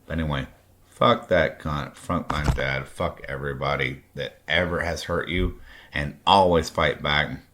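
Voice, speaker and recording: A man in his late forties from Kentucky speaks in a very deep, low voice. He tells his story bluntly, with raw, heavy profanity. It is a personal podcast monologue with a drinking edge. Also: steady tone, unhurried, fairly bright tone, slight background noise. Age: late 40s. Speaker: podcast host.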